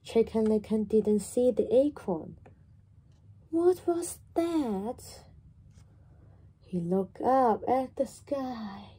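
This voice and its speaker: A woman reading a children's story aloud in a slow, animated, sing-song way. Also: a little high, husky.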